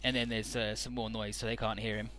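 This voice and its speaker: A man's voice: fairly low pitch, level tone, quick pace, a bit bright. A man casually narrating a video game run, offhand and profane, with game music faint behind. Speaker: let's play host.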